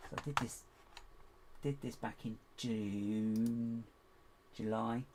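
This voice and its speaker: A chatty man talks his way through a building session on a live stream, muttering half to himself and dropping self-mocking asides. His voice sits at an ordinary middle pitch. A steady hiss and the clatter of a keyboard run under him. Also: slow pace. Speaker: livestream host building toy bricks. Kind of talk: casual live-stream commentary while building.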